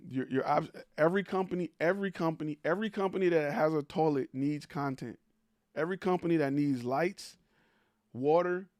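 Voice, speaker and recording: A man's voice: a little high, darkish tone, dry recording. Blunt teasing man, close and dry. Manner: blunt, teasing, rhetorical questions. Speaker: host of a live stream for creators. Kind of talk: blunt motivational talk.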